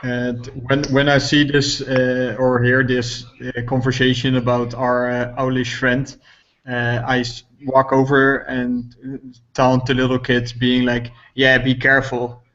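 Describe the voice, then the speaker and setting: A man describing his character's actions at a tabletop game, in a flat, halting way. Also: medium pitch, highs cut off. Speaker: player.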